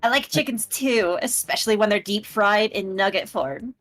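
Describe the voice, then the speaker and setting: A woman's voice: medium pitch, moderate pace, a bit bright, no room sound, soft background music, natural voice. A woman voicing a small, ruthless young woman who adores chickens, gleeful and crude as she reads game dialogue aloud.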